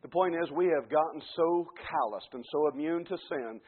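A man preaching a fervent sermon, dropping to quiet asides and then building to shouted climaxes. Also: on the high side, normal speed, breathy edge. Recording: tinny phone-like radio broadcast.

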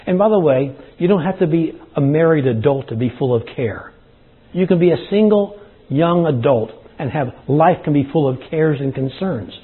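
A man's voice: a little high, lively intonation, normal speed, breathy edge. A man preaching a sermon to his congregation, folksy and plain-spoken, addressing them as y'all, with a dry throat. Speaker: pastor. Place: church service. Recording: tinny phone-like sound.

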